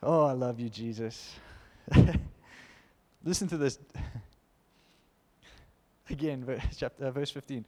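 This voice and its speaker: A man preaching an informal sermon, reading scripture aloud and commenting with animated emphasis. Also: medium pitch, takes it slowly, pauses often, long reverb tail. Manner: animated, emphatic, laughs between points.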